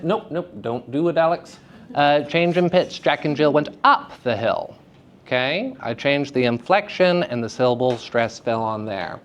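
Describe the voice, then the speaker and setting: A man teaching a room of young actors, talking at a middle pitch. He stays energetic and keeps checking in with "right?" and "okay?". He says example sentences over again to show where the stress falls. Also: dull audio. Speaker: theater lecturer. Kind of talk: classroom lecture to students.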